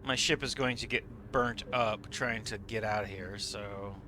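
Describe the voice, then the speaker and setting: A man's voice: lowish voice, steady tone, unhurried. A man streaming a game live, explaining what he sees with enthusiasm and casual swearing. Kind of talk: live gameplay commentary.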